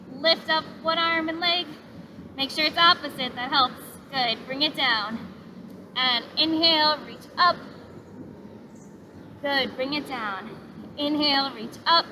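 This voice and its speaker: Outdoors in a park, a young female yoga instructor with a bright, high voice guides a gentle class, calmly cueing each breath and stretch with steady encouragement. Traffic and open-air noise are clearly audible behind her.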